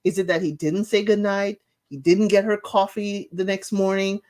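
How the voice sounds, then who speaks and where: A woman's voice: medium pitch, steady tone, moderate pace, darkish tone. A woman hosting her own channel, chatting casually as she recaps reality show episodes and retells the scenes in her own words.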